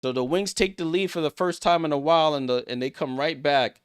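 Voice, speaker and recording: A man hosting a live watchalong stream, calling basketball play-by-play and reacting excitedly to each play. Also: fairly high pitch, brisk, clean tone. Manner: excitable, rattles off passes, reacts aloud. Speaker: watchalong host.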